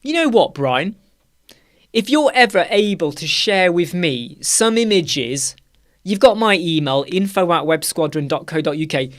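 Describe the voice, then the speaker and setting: Energetic man on a live stream. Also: a little high, normal speed. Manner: energetic, emphatic, repeats phrases for effect. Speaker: host of a live web design Q&A stream. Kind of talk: casual live-stream chat.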